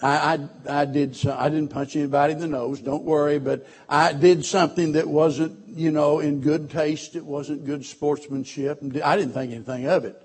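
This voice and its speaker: A male pastor delivers a sermon in a husky, slightly breathy voice pitched a little higher than most men's, with a steady tone, normal speed and few pauses. He preaches emphatically, slipping into hushed storytelling before rising again to loud, urgent declarations.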